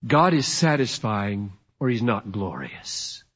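A middle-aged man preaching a sermon in an emphatic storytelling way, swinging from loud to hushed. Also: on the low side, sing-song, slow pace, slightly rough. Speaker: pastor. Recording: dull lo-fi sermon recording.

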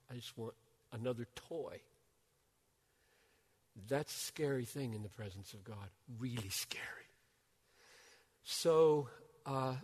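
An older man preaching a sermon as a pastor. He swings from loud, urgent bursts down to hushed near-whispers. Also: medium pitch. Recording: long hall reverb.

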